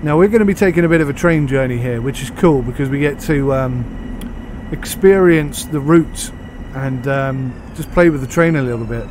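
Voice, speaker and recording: A man's voice: medium pitch, normal speed, hardly any pauses, a little mellow, a little hiss or hum. A British man giving a casual, rambling commentary on a train game as he plays, thinking aloud. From United Kingdom. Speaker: game reviewer.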